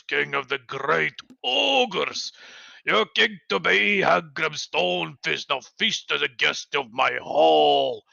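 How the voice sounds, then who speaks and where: Picture a menacing ogre king, boastful and greedy, rumbling slowly through a ransom letter in a gravelly, crackling voice, as a man at a game table reads it out. His tone is bright and hard-edged. It comes through a dull, lo-fi voice chat with no room sound at all. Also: no room sound, exaggerated voice. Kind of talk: reading a letter aloud in an ogre voice.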